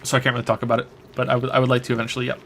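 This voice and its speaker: A man's voice: medium pitch, completely flat delivery, racing, a bit bright, a little hiss or hum. A man casually answering chat questions on a live stream while playing a game, rambling with frequent restarts and fillers.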